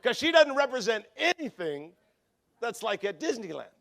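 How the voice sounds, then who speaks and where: Here the same kind of preacher, a middle-aged man from Southern California speaking as a guest at a conference, has an extremely high, sing-song voice with vocal fry and a fairly bright tone at normal speed. He tells humorous, self-deprecating stories, often restarting and drifting into asides.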